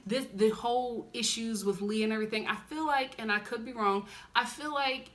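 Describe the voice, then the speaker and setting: A young woman from Philadelphia gives an animated TV recap on her vlog. She has a bright, fairly high voice. She talks straight to her viewers with plenty of emphasis. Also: moderate pace. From Philadelphia, USA. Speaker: TV recap vlogger. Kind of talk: casual review vlog.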